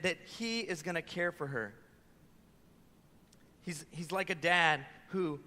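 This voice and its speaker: A man in his thirties preaches with a high, bright, ringing voice and tells lively stories. The sound carries a long echo from a church hall. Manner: animated storytelling with voiced quotes. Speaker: pastor. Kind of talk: sermon.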